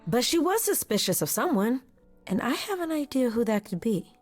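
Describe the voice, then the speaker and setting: An actress playing a composed female attendant of a goddess in a video game, speaking in a measured, gracious way. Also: fairly high pitch, very animated. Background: faint game music.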